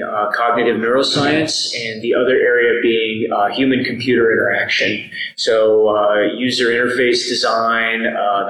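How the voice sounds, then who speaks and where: A man answering interview questions in a measured, explanatory way with many fillers. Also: on the low side, a bit bright. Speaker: guest researcher. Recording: echoey room with faint noise.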